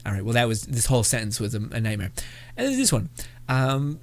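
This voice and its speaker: A man's voice: mid-range voice, very animated, fast. A man hosting a casual reaction video who rambles, swears freely and keeps breaking into laughter.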